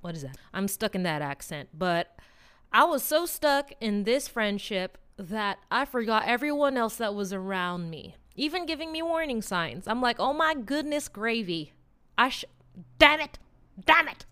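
A woman's voice: mid-range voice, normal speed, clear, resonant tone. A woman hosting a weekly motivation vlog, talking casually and chattily, laughing and teasing as she speaks straight to her viewers. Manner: chatty, animated, laughs and teases, rambles, direct address. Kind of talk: casual motivational talk to camera.

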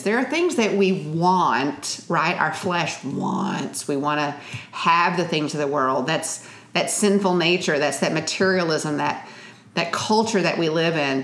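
Low-pitched yet a bit bright, this middle-aged woman's voice carries an earnest, teaching tone as she co-hosts a Christian parenting podcast and quotes scripture. She is a parenting author, and the recording has a roomy echo.

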